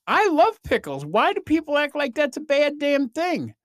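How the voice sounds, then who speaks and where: A man rambles through a comic podcast monologue, his pitch leaping up and down with lively energy. He breaks into quick mock voices here and there. The sound is dry and close, with no room around it. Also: no room sound. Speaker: podcast host. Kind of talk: comedic monologue.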